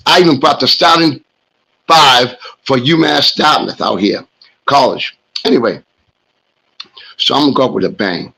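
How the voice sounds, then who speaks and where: A middle-aged man hosting a sports show, hoarse and telling rambling stories in a casual monologue. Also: medium pitch, normal speed, long pauses, bright, forceful tone, low-quality recording. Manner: rambling storyteller, talks smack.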